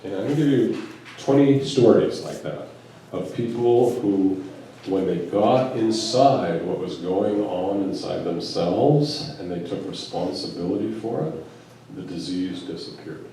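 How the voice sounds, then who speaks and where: An American man who is both a spiritual teacher and a physician speaks to a live audience, telling stories full of quoted dialogue and rhetorical questions. His voice sits low and dark, with lively intonation and a slightly slow pace. The recording comes from a distance in a large, echoey event room, with faint background noise.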